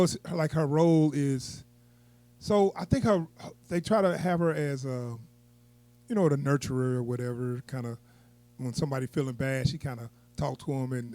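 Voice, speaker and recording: A man's voice: mid-range voice, a little mellow. A man giving a casual, unscripted movie review, rambling and chuckling as he goes.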